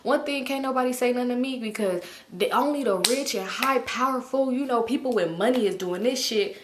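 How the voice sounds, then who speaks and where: A bragging young man speaks in a slow, quiet, slangy drawl, as a woman puts him on. He is touchy and gets offended when anyone doubts him. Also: a little high, noisy background, close to an everyday voice. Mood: boastful. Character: boastful young man, slow, touchy about his drug.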